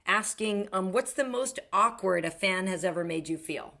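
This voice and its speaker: A woman's voice: medium pitch, expressive, moderate pace, gravelly, pushed and bright. A woman hosting a casual podcast chat, talking in a chatty, emphatic way and laughing easily. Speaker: podcast host, sports anchor.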